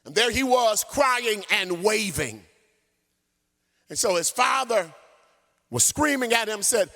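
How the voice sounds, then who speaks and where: A man pastor preaching a sermon and telling a story in an animated way, sometimes singing his phrases. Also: high voice, slow. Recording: long church hall reverb.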